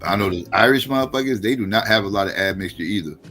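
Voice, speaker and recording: A man's voice: on the low side, quick pace, sharp tone, soft background music. A man from New Jersey hosting a live talk stream, telling stories loosely with lots of swearing and restarts. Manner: loose, profane, storytelling with many restarts. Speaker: host. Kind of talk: casual live stream chat.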